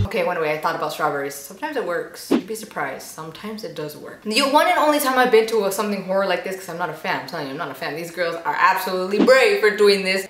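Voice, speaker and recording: A young woman giving casual reaction commentary, chatty and quick to exclaim and gasp. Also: lowish voice. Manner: chatty, exclaims and gasps often. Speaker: YouTube reactor. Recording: echoey room with faint noise.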